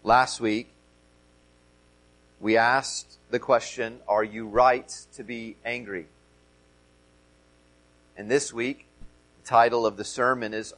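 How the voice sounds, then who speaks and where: A man's voice: lowish voice, fairly even intonation, a little slow, long pauses, fairly bright tone, rough recording. A middle-aged man preaching a sermon as pastor, earnest, often repeating and stressing key phrases.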